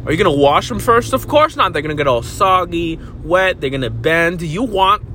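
A man hosting a rambling solo podcast while driving, talking crudely and swinging from shouts to mumbles. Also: fairly high pitch, lively intonation, normal speed. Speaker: podcast host. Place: inside a car. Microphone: phone held to face. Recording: faint road noise in a car.

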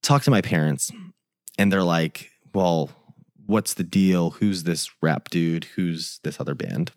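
A young tour photographer, appearing as a podcast guest, tells a story casually, swearing freely and acting out the quoted dialogue. His voice sits low and his delivery is unhurried. The recording is clean studio sound with no echo.

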